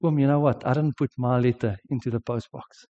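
A South African man quoting a tired, upset teenage schoolgirl in a quiet voice. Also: mid-range voice, steady tone, brisk, lo-fi sound, lightly acted.

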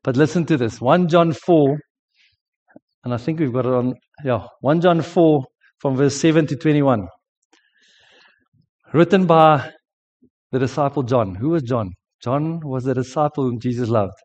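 A man's voice: mid-range voice, measured pace, long pauses, a little mellow. A man with a South African accent preaching a sermon in a chatty, storytelling way, with many restarts. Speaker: pastor. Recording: dull lo-fi sermon recording.

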